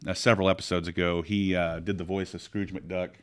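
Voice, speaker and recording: A man's voice: sits low, a little fast, clean tone. A man co-hosting a podcast, talking casually and with lots of opinions, often restarting his sentences. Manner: rambling, opinionated, animated with frequent restarts. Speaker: podcast co-host. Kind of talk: casual chat.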